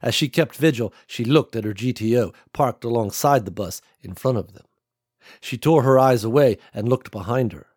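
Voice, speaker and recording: A man narrating an action audiobook in a measured, dramatic way. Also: medium pitch, a little mellow, slightly rough, no echo, clean studio sound.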